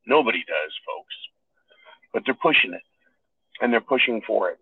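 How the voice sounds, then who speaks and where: A man's voice: fairly low pitch, animated, normal speed, husky, dry recording. A man hosting a show, delivering a sarcastic, ranting political monologue and calling his listeners "folks". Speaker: podcast host. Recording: tinny phone-like sound.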